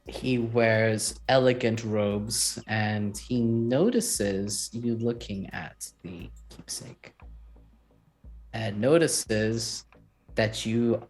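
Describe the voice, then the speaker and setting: A man's voice: medium pitch, darkish tone. A man narrating a tabletop game as game master, thoughtful and full of fillers. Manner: slow, thoughtful, with many fillers.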